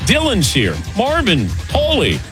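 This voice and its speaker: A man's voice: high-pitched, huge pitch swings, unhurried, over music. A man hosting a call-in radio show, chatting casually with co-hosts and callers. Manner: easygoing, fond of acting out quoted exchanges.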